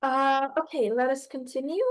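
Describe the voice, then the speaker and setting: A woman's voice: high-pitched, steady tone, normal speed, poor audio. A woman teaching a class, hesitant, with many fillers and restarts. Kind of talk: online class lesson.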